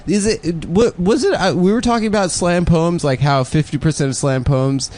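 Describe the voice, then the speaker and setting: Rambling, laughing man, slightly high voice. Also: normal speed, darkish tone. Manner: rambling storyteller, laughs often, many fillers. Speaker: podcast host. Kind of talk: casual comedy podcast chat.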